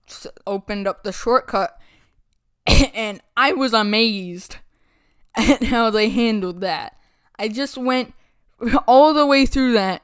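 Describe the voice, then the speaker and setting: A woman's voice: mid-range voice, clear, resonant tone, no room sound, clean studio sound. A woman rambling through a casual game recap, blunt and mocking, laughing between remarks, with a playful put-on country twang. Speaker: gaming channel host.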